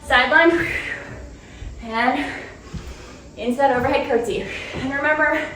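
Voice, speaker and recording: High-voiced, out-of-breath woman fitness instructor. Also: a little slow, fairly bright tone, distant mic, slight background noise. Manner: upbeat, chatty, laughs between cues. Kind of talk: cueing a home cardio workout. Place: room at home. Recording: roomy, off-mic home recording.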